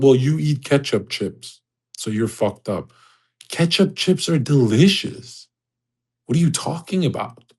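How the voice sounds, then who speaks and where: A man's voice: a little high, darkish tone, slightly rough, low-quality recording. A young adult man, hosting an audio chat room in a blunt, crude, casual rant.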